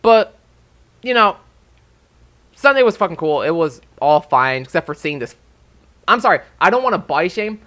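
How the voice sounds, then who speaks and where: A man's voice: a little high, sharp tone. A young man ranting casually to his viewers, swearing freely and getting heated. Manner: profane and heated. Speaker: vlogger. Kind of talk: casual rant.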